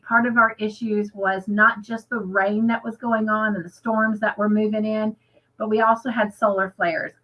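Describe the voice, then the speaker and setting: A woman's voice: on the high side, muffled recording. An American woman hosting a casual livestream chat, upbeat and chatty, reading viewer comments aloud. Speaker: livestream host.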